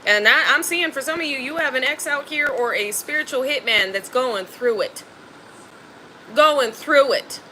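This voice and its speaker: Woman tarot reader, bright high voice, blunt and slangy, faint noise behind. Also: poor audio. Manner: emphatic, blunt and slangy, swears freely. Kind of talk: spiritual tarot reading.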